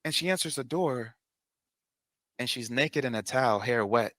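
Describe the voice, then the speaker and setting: A man's voice: medium pitch, normal speed, fairly bright tone, dry recording. A man casually retelling a personal story in a played clip, candid and profane.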